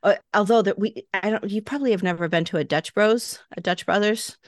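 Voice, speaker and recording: A woman guest in casual chat, telling relaxed stories with light laughs. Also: medium pitch, brisk, no room sound.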